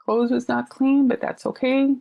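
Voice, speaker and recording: A middle-aged woman, a counselor, telling stories in casual conversation and acting out quoted voices with lively animation. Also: sits high, normal speed, gravelly, no room sound, muffled recording. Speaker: counselor sharing her story. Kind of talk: conversational storytelling.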